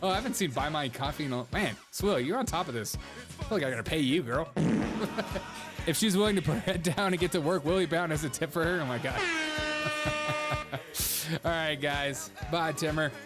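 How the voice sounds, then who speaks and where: A man's voice: on the high side, animated, normal speed, long pauses, loud music behind the voice. A man hosting a live stream, chatting casually in a sarcastic, mocking way and laughing often as he reads out his viewers' messages. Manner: reads viewer chat aloud.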